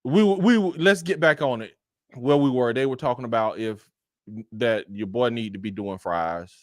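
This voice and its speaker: A man's voice: mid-range voice, moderate pace. A man hosting a casual sports talk show, laughing and exasperated, with a sound and a lot of "all right, man.". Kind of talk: casual chat.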